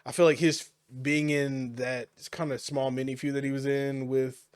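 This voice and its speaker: A man's voice: mid-range voice, flat delivery, normal speed, clean tone, dry recording. A man co-hosting a podcast, chatting casually about wrestling, rambling with lots of fillers and restarts. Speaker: podcast co-host.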